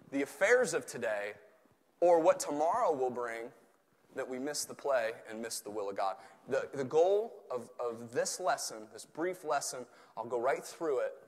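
A man from Tennessee with a Southern accent, preaching an animated, joking sermon in a church, swelling at times to near shouts. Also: mid-range voice. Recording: long hall reverb.

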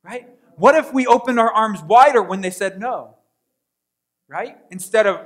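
A male pastor preaching a sermon in a conversational way, asking the congregation questions and acting out prayers, swinging from quiet asides to loud bursts. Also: high-pitched, expressive, unhurried.

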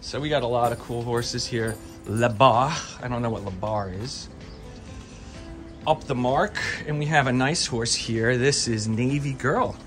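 Outdoors along a horse barn shed row at a racetrack, a man hosts a casual walk-and-talk vlog filmed on a handheld camera. He's excited and chatty, occasionally stumbling over his words, with a mid-range voice at a measured pace over soft background music.

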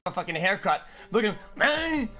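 A male streamer reacting live, excitable and repeating words in quick bursts. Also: high-pitched, music in the background.

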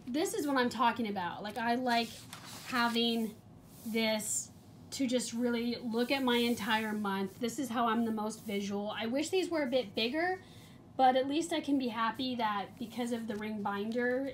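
A woman's voice: fairly high pitch, slight background noise. A young woman vlogging casually at home into the camera mic, chatty and rambling with lots of likes and ums. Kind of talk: casual vlog chat to camera.

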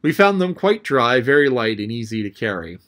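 A man reading a classic adventure novel aloud as an audiobook narrator, telling the story in a lively way. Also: normal speed. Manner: lively storytelling, raising his pitch for the boy's lines.

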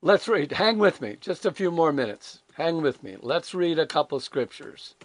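A man's voice: a little high, sing-song, moderate pace, dry recording. An older man preaching a conversational devotional sermon, emphatic and candid, full of rhetorical questions. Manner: candid and self-deprecating.

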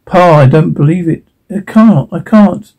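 Man doing a shaken survivor dad, raised pitch, radio play. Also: a little slow, a little mellow, husky, exaggerated voice, poor audio. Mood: amazed. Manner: tense, disbelieving. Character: stunned father of a survivor family.

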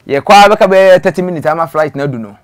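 A man with a Ghanaian accent telling his story in an interview, dropping to quiet trailing phrases and slipping in English words. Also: sits high, racing, a crowd in the background. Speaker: interview guest.

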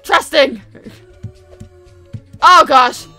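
Excitable high-voiced woman gaming. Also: very slow. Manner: excitable, chatty, reads game text aloud. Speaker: gaming video host. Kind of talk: casual game commentary. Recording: game music behind voice.

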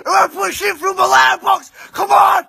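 A man voicing a hot-headed young lad from the north of England with a squeaky, gravelly voice, swearing and ranting threats in a comedy sketch. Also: brisk, bright, forceful tone, exaggerated voice. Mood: fuming.

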